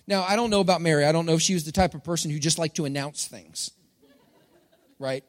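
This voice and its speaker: A middle-aged pastor from Texas preaches to his congregation in a church hall, joking and playful. His voice is fairly high and he talks fast, with long hall reverb on the recording.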